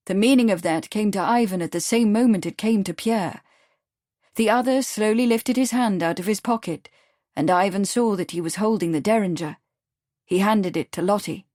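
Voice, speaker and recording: A woman narrating an audiobook in a steady, even storytelling manner. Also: medium pitch, moderate pace, dry recording, studio quality. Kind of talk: scripted narration.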